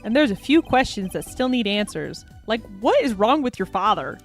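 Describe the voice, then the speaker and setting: A woman's voice: a little high, very animated, normal speed, soft background music. A woman voicing an earnest, puzzled young male lawyer from a video game, reading his lines in her own voice.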